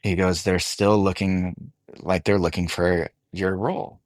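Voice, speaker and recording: Male actor guest, low register, dry close mic, lively anecdotal delivery. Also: measured pace, dry recording. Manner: animated anecdote telling, voices others in quotes. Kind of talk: casual interview storytelling.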